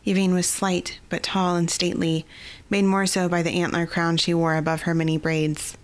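A woman narrating a fantasy novel in a steady, even storytelling voice. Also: on the low side, moderate pace. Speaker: audiobook narrator.

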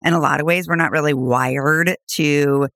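A woman's voice: low-pitched, fairly even intonation, moderate pace, vocal fry, a bit bright, no echo, studio quality. A woman podcast host and coach in casual chat, bubbly and laughing often, with a cold. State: has a cold.

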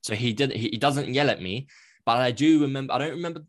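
A man's voice: mid-range voice, quick pace, no echo. A man, a podcast guest, candidly recounting a personal story in a reflective way, often correcting himself mid-sentence.

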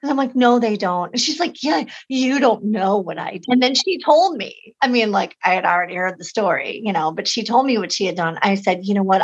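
A woman's voice: mid-range voice, slightly rough. A woman talking as an interview guest, telling personal stories and acting out the voices of the people she quotes. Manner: animated, acts out quoted voices. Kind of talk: conversational storytelling. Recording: dull lo-fi sound.

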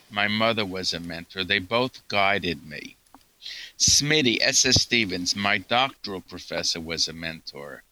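A man's voice: fairly low pitch, pushed and bright, poor audio. A man being interviewed as a guest scientist, answering earnestly and telling stories, often quoting what others said. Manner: earnest, storytelling, quotes others.

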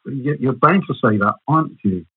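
Husky man on a tinny line. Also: mid-range voice, expressive. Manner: measured, builds points through examples. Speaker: business consultant. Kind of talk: explaining in a podcast conversation.

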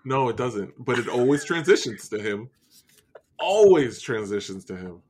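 A man's voice: mid-range voice, very animated, moderate pace, a little mellow, a little hiss or hum. A man co-hosting a podcast in a playful, teasing casual chat. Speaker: podcast co-host.

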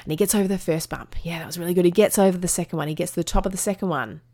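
A woman in her thirties hosts a motivational podcast. She tells the story with energy and voices each person in it. Her voice sits fairly low and sounds close and dry on the mic. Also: rapid-fire, dry recording. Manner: animated, acts out dialogue in voices. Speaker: podcast host.

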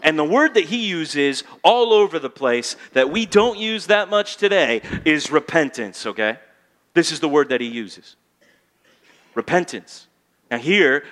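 A man preaching a sermon as pastor, rising to loud emphatic peaks, then dropping to quiet intensity, and calling on the congregation to answer back. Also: fairly high pitch, expressive, moderate pace. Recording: long hall reverb.

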